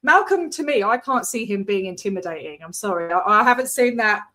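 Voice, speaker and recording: A woman's voice: medium pitch, animated, a little fast, pushed and bright. A woman hosting a casual interview, chatty and joking, swearing casually. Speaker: interview host.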